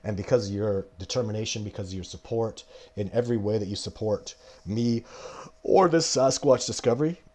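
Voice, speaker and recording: A man's voice: lowish voice, a little fast, warm tone. Rambling man in his forties, live. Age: 40s. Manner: rambling, emphatic, goes off on tangents. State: coughing now and then. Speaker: host answering viewer questions. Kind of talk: live-stream casual talk.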